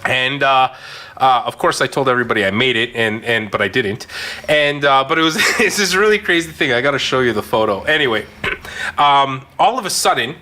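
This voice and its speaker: A man telling a story in a casual podcast chat, animated, laughing often and using many fillers. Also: medium pitch, moderate pace. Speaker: physician podcast co-host.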